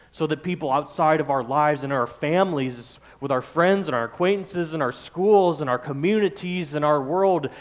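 Man preaching a repetitive sermon. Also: on the high side. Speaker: pastor.

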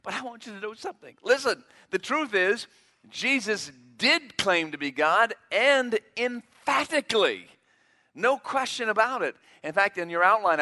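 A man's voice: sits high, sharp tone. A man preaching a sermon, emphatic, acting out quotes in a raised voice. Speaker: pastor.

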